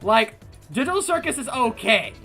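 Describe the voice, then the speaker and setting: A young man streaming casually, ranting loud and exasperated and repeating himself. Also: extremely high pitch, big pitch swings, normal speed, over music. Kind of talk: casual chat on a livestream.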